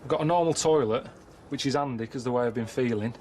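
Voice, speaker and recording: An English man presenting a travel show, with a dry, grumbling, deadpan way of talking to camera, often from a busy street outdoors. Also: medium pitch, quick pace, a little hiss or hum. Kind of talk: casual to-camera travel commentary. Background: music.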